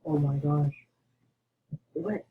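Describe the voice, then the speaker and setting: A man giving excitable gaming commentary, bursting into panicked yelling and muttering asides under his breath. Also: fairly high pitch, slow. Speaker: gamer. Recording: tinny phone-like mic with faint hiss.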